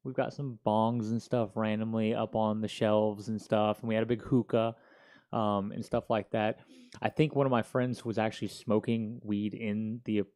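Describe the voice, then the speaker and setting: A man in his thirties hosting a casual talk show, telling a story in an animated, slangy way. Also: fairly low pitch, moderate pace. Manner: slangy, animated, peppered with "dude" and "yo". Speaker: podcast host.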